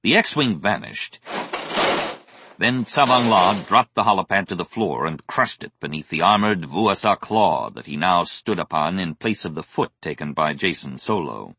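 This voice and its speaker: A man reading a science fiction audiobook as narrator, in an expressive, measured way. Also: deep voice, gravelly, breathy edge, no room sound. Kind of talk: scripted narration.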